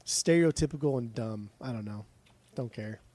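Male podcast co-host, casual and profane, stumbling restarts, dark tone. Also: medium pitch, moderate pace. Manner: rambling, profane, frequent restarts. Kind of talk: casual chat.

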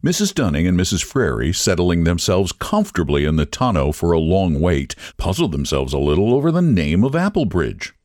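A man who hosts a podcast, reading a literary story aloud in an expressive, measured storytelling manner. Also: low voice, no room sound, clean studio sound. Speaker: podcast host and story reader.

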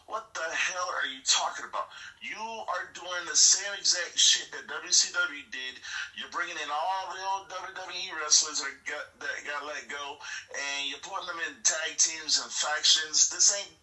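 A man's voice: on the high side, unhurried, pushed and bright, distant mic, low-quality recording. A man ranting bluntly and profanely in a heated casual opinion talk as a podcast co-host. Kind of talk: heated wrestling opinion rant.

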